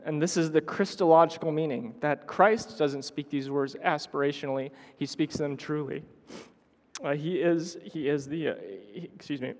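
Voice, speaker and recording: A man preaching a sermon to his congregation, halting with restarts and clearing his throat often. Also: fairly high pitch. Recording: long hall reverb.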